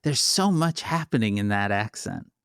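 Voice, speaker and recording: A man's voice: lowish voice, expressive, normal speed, gravelly, fairly bright tone, clean tone, no room sound, studio quality. A man co-hosting a podcast, teasing and playful in casual chat. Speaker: podcast co-host.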